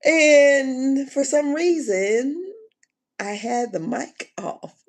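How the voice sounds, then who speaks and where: Gravelly-voiced woman in animated live-stream chat. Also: high voice, drawn-out words. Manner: animated, laughing, slangy and exclaiming. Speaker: reality TV commentator.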